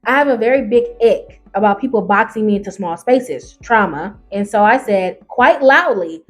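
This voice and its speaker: A sassy woman reading stories aloud to camera, with a high voice. Her pitch swings wildly as she reads, breaks off into loud, cheeky outbursts, and keeps calling her listeners baby and honey. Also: lively intonation, unhurried, faint music behind. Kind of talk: animated reaction reading.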